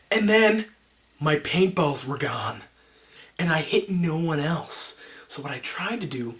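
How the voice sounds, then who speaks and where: Speaking a little high, a man vlogs to the camera, telling a story in a casual, rambling, animated way and supplying his own sound effects.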